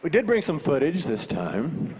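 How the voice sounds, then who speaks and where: A man, a filmmaker, speaking on a convention panel in a relaxed, rambling way. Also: on the high side, normal speed, very noisy. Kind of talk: panel talk.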